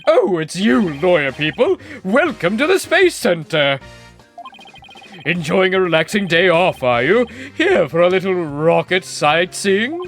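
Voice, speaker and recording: A streamer doing a loud sing-song detective. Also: medium pitch, sing-song, measured pace, soft background music, pitched above the performer's own voice. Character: cheery overbearing male detective. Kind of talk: reading game dialogue aloud.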